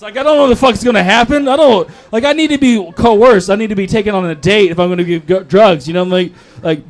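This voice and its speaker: A young man works an open mic crowd with a crude, mocking, rambling set. His voice sits high for a man. He is heard through a handheld stage mic in a comedy club. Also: quick pace, hardly any pauses. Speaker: stand-up comedian.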